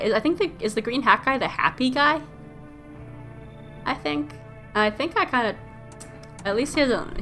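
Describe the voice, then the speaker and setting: A playful woman commenting on a game during a livestream, joking and giggling. Her voice is bright and sharp, with faint music underneath. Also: fairly high pitch. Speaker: streamer.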